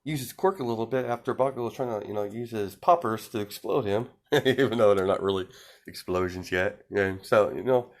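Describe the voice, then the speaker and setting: A man's voice: lowish voice, brisk. A man casually telling an improvised story, rambling with lots of fillers and restarts.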